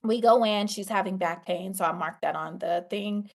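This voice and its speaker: A middle-aged woman, a podcast host and coach, telling a personal story in a casual, animated way and talking straight to her listeners. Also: mid-range voice, normal speed. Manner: animated, conversational, addresses listeners as y'all.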